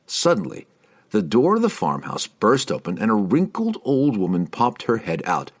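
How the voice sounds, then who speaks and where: A man narrating an audiobook in an expressive reading style. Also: on the low side, moderate pace, husky. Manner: expressive reading, shifting into character voices.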